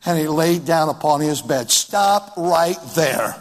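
A man preaching a sermon, reading King James scripture and hammering home repeated exhortations, with a husky voice. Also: fairly high pitch, lively intonation, unhurried. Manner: exhorting, repetitive refrains, mocks voices in quotes. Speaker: pastor. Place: church sanctuary. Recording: echoey hall reverb.

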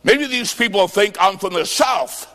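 A high-pitched male preacher delivering a sermon in a large church hall, his voice trailing off in a long reverb. He talks dramatically, swinging from loud shouts to hushed asides with a sing-song cadence. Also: a little slow. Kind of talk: sermon with storytelling.

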